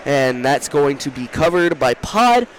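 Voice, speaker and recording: A young man calling a hockey game from a rink booth, talking fast, shouting during rushes and often correcting himself. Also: a little high, big pitch swings, a little hiss or hum. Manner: rapid, rising to shouts during rushes, with frequent self-corrections. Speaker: play-by-play commentator. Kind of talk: live hockey play-by-play commentary. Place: broadcast booth at an ice rink.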